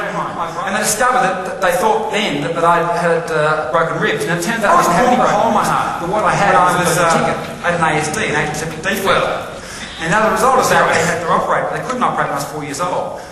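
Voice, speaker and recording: A man's voice: sits high, fast, crowd noise. A middle-aged man giving a talk, telling a personal story in a conversational way and acting out the dialogue. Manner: conversational, acts out dialogue, drops to quiet intense tones. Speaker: public speaker. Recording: echoey hall, distant mic, faint noise.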